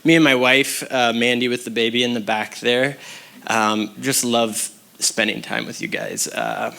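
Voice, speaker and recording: A man makes relaxed, casual remarks from the stage. His voice is bright and forceful, and he talks in an easygoing way with plenty of filler words. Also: mid-range voice, measured pace, creaky, smooth. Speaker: regional director introducing a successor.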